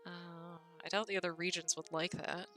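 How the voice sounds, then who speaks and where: A giggly woman streamer with a bright, forceful voice reads game text aloud and reacts to her chat. Faint music plays behind her. She laughs often and talks in an easy, casual way. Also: on the low side, level tone, normal speed.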